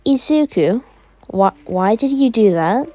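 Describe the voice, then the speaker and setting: A woman's voice: on the high side, animated, slow pace, dark tone. A woman voicing a schoolteacher who questions in a matter-of-fact way. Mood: puzzled. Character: curious adult schoolteacher.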